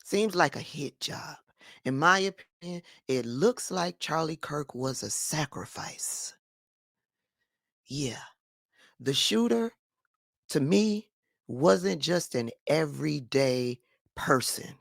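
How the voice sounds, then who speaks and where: A woman's voice: sits low, animated, slow, vocal fry, long pauses, dry recording, clean studio sound. A woman giving firm, emphatic political commentary in a vlog monologue.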